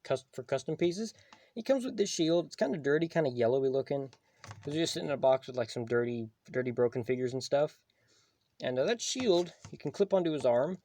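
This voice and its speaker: A man's voice: on the high side, warm tone. A young man giving a casual, rambling toy review at home, filling his talk with "like" and "you know". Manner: rambling, filler-heavy, full of "like".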